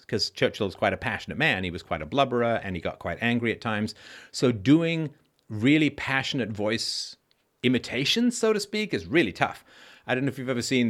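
A male host with an expressive, trained voice, answering viewer comments in a live-stream Q&A with a conversational manner and halting restarts. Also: mid-range voice.

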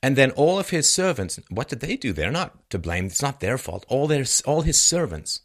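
A man's voice: medium pitch, very animated, moderate pace. A man giving an opinionated monologue, sarcastic and mocking, repeating points for emphasis. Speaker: commentator.

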